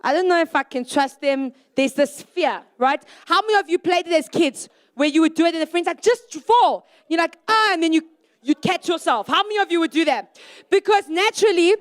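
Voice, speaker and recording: A young woman giving an animated youth sermon to a live audience, acting out short exchanges with God. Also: extremely high pitch. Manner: animated, acts out little voices for God and herself. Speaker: youth speaker.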